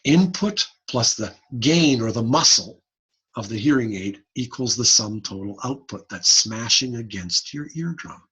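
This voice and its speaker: A man giving an informal online lecture, lively and blunt, over a computer mic on a video call. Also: medium pitch, measured pace, slightly rough, rough recording. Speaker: audiology lecturer.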